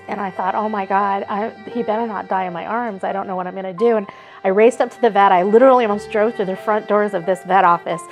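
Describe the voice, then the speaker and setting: Woman advocate, animated interview storyteller, mid pitch, faint music under her. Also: low-quality recording. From Nevada. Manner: animated, acts out her own quoted thoughts.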